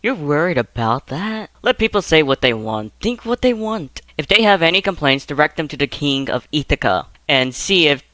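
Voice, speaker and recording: A woman's voice: deep voice, sing-song, normal speed, hardly any pauses, a bit bright, dry recording. A woman voicing a cocky, teasing young male king in a fan-dubbed visual novel, talking in a playful, laid-back way. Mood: breezy.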